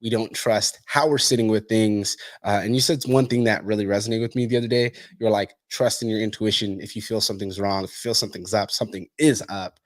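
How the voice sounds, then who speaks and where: A man's voice: on the low side, fairly even intonation, fast, few pauses, no echo, studio quality. A man hosting an interview, a coach who talks bluntly and swears freely. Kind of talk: casual interview chat.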